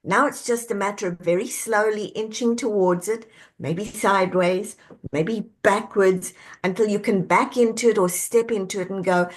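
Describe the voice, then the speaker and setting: A woman speaking as a guest in an interview, her voice at an ordinary middle pitch. She lays out her ideas in a measured, reflective way, one step after another. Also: steady tone. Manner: measured, reflective, walks through questions step by step. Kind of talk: interview answer, coaching talk.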